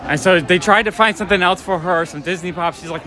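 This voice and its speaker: A man's voice: high voice, quick pace, crowd noise. A man vlogging as he walks outdoors along city streets, telling rambling stories with laughs as he goes. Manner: rambling, chatty storytelling with laughs. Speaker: vlogger and toy shop owner. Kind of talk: casual walk-and-talk vlog.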